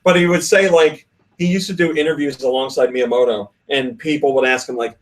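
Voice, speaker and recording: A man hosting a casual podcast, reading listener comments and retelling stories in an animated way, often laughing. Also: mid-range voice, fairly quick, distant mic. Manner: animated storytelling with frequent laughs; reads listener comments aloud. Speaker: podcast host.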